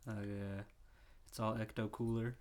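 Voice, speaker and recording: A man's voice: fairly low pitch, flat delivery, measured pace, a little mellow. A man co-hosting a podcast in casual chat, making wry teasing remarks and laughing. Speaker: podcast co-host.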